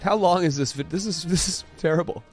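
A young man streaming a game with a friend, excitable, yelping and swearing as he plays. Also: a little high, brisk, soft background music. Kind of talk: casual gaming chat.

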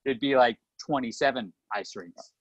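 A man with a Canadian accent, slightly Australian-tinged, talks in a chatty, animated way as a podcast co-host. His voice is dry and close, with no room around it. The remote audio is dull and lo-fi. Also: medium pitch, moderate pace, no echo. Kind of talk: casual podcast chat. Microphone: remote call mic.

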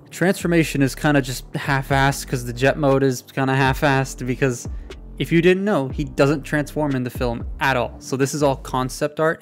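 A man giving a casual, chatty toy review with offhand, sarcastic asides, speaking into a desktop microphone. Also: medium pitch. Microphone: desktop USB mic.

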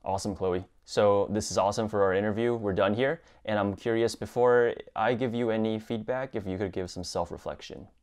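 A man's voice: fairly low pitch, steady tone, fairly quick, hardly any pauses, a little mellow. A man running a mock job interview and giving the candidate upbeat, encouraging feedback.

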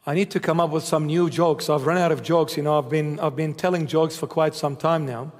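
A male bishop giving a sermon's closing words and prayers in a measured, solemn way. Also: on the high side, steady tone. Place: church. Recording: long church reverb.

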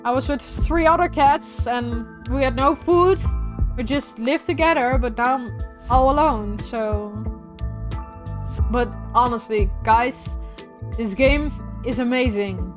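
A young woman's high voice, soft and teary from crying, talks her way through a game's ending. She speaks in a heartfelt way to the game and to her viewers, and faint music plays under her. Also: slow. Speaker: gaming streamer. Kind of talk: emotional let's-play commentary.

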